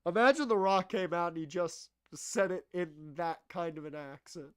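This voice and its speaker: Congested, profane game streamer. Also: male voice, high voice, moderate pace, smooth, no echo, clean studio sound. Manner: profane, joking reactions. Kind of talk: let's play commentary.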